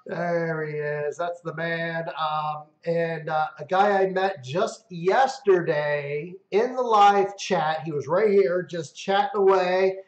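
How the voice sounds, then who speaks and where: A man hosting a casual live-stream chat, telling excitable stories with swearing and loud self-mimicry. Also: a little high, slow pace, hardly any pauses, echoey room, dull audio. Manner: excitable storyteller, swears, mimics himself loudly. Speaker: host.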